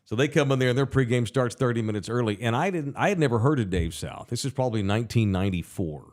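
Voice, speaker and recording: A man's voice: mid-range voice, lively intonation, quick pace, a little mellow. Brief: middle-aged man hosting a sports talk podcast, casual and profane. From Texas. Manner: rambling, profane storytelling. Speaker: podcast co-host. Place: bar studio.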